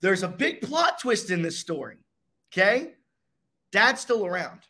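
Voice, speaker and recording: A young man, a racing driver, telling his story in a casual interview with dramatic pauses and energy. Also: sits high, big pitch swings, sharp tone.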